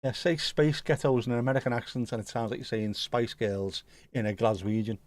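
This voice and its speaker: A man hosts a laid-back livestream, chatting loosely and thinking aloud as he answers his viewers. His voice sits at an ordinary middle pitch. The sound is close and dry, with no room echo. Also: fairly even intonation, a little fast, a little mellow. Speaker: livestream host. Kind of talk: casual livestream chat.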